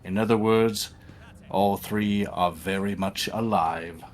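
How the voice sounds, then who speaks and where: A man's voice: fairly low pitch, steady tone, slow pace, a little hiss or hum. A man doing a grandiose old tech-priest. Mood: lecturing. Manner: grandiose, lecturing. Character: excitable old male tech-priest scientist. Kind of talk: reading game dialogue aloud.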